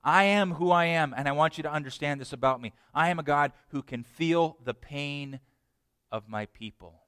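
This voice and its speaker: Preacher speaking as god to moses, earnest, gentle, dry close sound. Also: male voice, on the high side, moderate pace, clear, resonant tone, no echo, big-room sound, natural voice.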